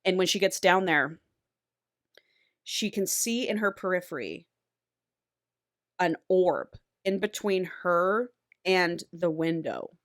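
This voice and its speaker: A woman co-hosting a podcast, retelling a novel in an animated, casual way and swearing freely. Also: fairly low pitch, takes it slowly, pauses often, no echo, clean studio sound. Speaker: podcast co-host. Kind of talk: casual book recap.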